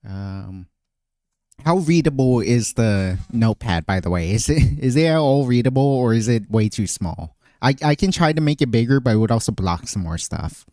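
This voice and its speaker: A man's voice: mid-range voice, animated, normal speed, mellow, dry recording, studio quality. A man streaming casually, thinking aloud, often trailing off and restarting his phrases. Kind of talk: casual livestream chat.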